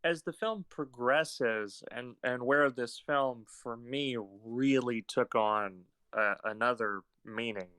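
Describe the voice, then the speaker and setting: A man's voice: medium pitch, slow pace, few pauses, fairly bright tone, clear, resonant tone, no room sound. A man co-hosting a podcast, talking casually about films with frequent fillers and hesitant restarts. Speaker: podcast co-host. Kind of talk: casual film discussion.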